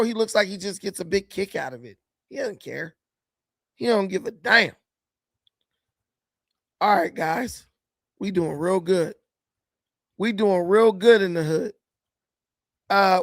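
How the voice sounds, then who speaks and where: A high-voiced man hosting a casual political commentary show, mocking and laughing, slangy and repetitive. His voice is close and dry, without any room sound. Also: a little slow, long pauses, dry recording. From United States.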